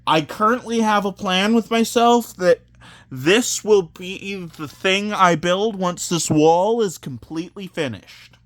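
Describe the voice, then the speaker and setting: A man with a slightly high voice talks through a toy set review at a slow, unhurried pace. He rambles, makes wry self-deprecating asides and keeps drifting off topic. The sound is dry and close. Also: no echo.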